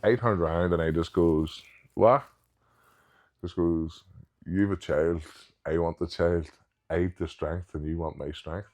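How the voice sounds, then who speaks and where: Deep-voiced man telling stories. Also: steady tone, a little slow, a little mellow. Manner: anecdotal, quotes others in retold dialogue. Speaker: podcast guest, professional strongman. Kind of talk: casual storytelling chat.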